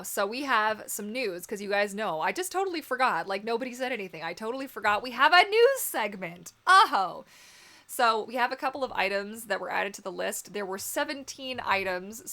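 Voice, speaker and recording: A woman's voice: mid-range voice, sharp tone. A young woman hosting a casual live stream, chatty and giggly, with lots of "like" and "um" fillers. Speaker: livestream host.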